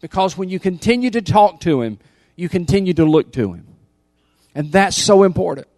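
A man preaching a sermon as pastor, emphatic, repeating key lines and swinging from loud appeals to hushed intensity. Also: high-pitched, sing-song, normal speed, no room sound.

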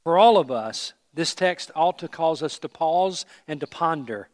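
A man in the pulpit delivers a sermon in an earnest, pastoral way, pushing his slightly high voice up into emphatic peaks before easing down to hushed phrase endings. His voice carries through a long, ringing reverb, as from a church sanctuary. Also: animated, measured pace. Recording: hall reverb.

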